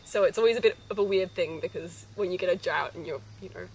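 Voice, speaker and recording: A woman's voice: lowish voice, quick pace, a little mellow, a little hiss or hum, poor audio. A young woman giving a chatty, enthusiastic vlog tour of her orchard outdoors. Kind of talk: casual vlog narration. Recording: background music under the voice.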